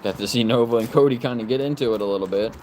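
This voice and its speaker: A man's voice: mid-range voice, racing, a little mellow, slight background noise. A man vlogging casually outdoors in his yard, rambling about his dogs and calling out commands to them in a raised sing-song voice. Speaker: vlogger and dog owner. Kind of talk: casual chat to camera.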